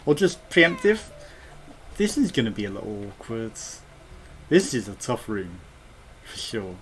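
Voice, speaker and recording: A man talking his way through a video game in casual commentary, his pitch bouncing up and down as he reacts. He thinks aloud and drops quiet muttered asides between the bigger moments, with a faint hiss in the background. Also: sing-song, unhurried, long pauses. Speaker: let's play gamer.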